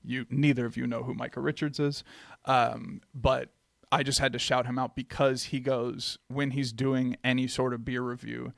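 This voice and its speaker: A gravelly man co-hosting a casual podcast. He talks animatedly and laughs a lot, tripping over his words and restarting. The sound is close and dry. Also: mid-range voice, flat delivery, normal speed, fairly bright tone, dry recording. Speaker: podcast co-host. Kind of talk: casual chat.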